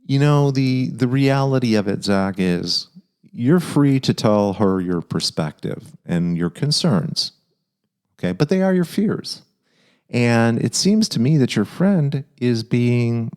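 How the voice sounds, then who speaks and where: A man's voice: mid-range voice, big pitch swings, slow pace, darkish tone, clean tone. A middle-aged man hosting a casual podcast, giving earnest dad advice and often repeating his phrases.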